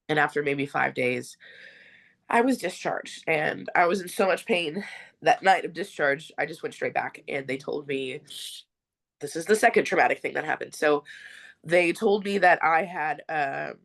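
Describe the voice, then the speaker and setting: A woman's voice: low-pitched, creaky, a bit bright. A young adult woman, a podcast guest, telling a personal story in an interview, earnest and rambling with many fillers.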